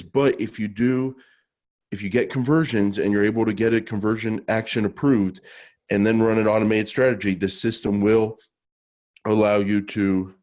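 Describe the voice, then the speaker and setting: A male podcast co-host with a somewhat low voice talks casually into a studio mic. He sounds jokey and self-assured, tossing out advice with loose restarts. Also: a little mellow.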